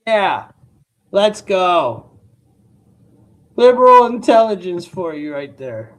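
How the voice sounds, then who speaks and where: A male live-stream host who speaks slowly and deliberately, drawing out his words. He talks straight to his viewers in blunt, profane, rambling rants. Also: sits high, very animated. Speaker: livestream host reacting to news.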